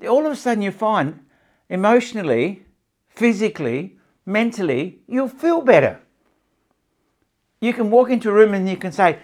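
A man's voice: high-pitched, big pitch swings, normal speed, pauses often, darkish tone. A man teaching stress relief and better sleep in a live talk to a small audience and a camera, repeating his points and checking that they follow.

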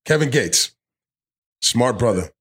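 Young male podcast host, casual and profane, mid-pitch voice, recorded outside in the cold. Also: takes it slowly, breathy edge. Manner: loose, profane, animated rants with slang. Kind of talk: casual chat. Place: outdoors in the cold.

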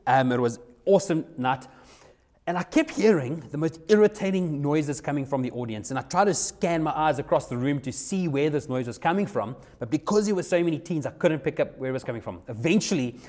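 A man's voice: on the high side, expressive, a little fast, mellow. A young adult man, a youth pastor telling a personal story in a sermon, conversational and repeating phrases for emphasis.

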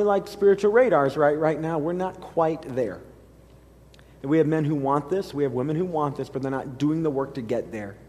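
A man's voice: a little high, darkish tone. A man preaching a sermon as pastor, earnest and building emphasis from the pulpit of a church. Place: church sanctuary. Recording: reverberant church hall.

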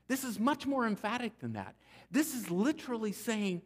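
A man preaching a sermon, emphatic and deliberate, often restarting phrases. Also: high voice, big pitch swings, a bit bright. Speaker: pastor. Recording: long church-hall reverb.

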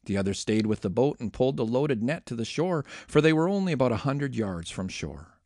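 A man giving an expressive, dramatic reading of scripture aloud. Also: medium pitch, fairly quick, dry recording, studio quality. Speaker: scripture reader.

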